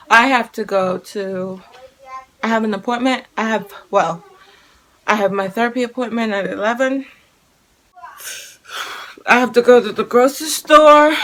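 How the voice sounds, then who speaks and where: Slow-talking Jamaican mom vlogging. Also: female voice, medium pitch. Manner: rambling, repeats herself, talks in bursts with sudden loud calls. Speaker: family vlogger. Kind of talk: casual vlog chat to camera. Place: at home, indoors.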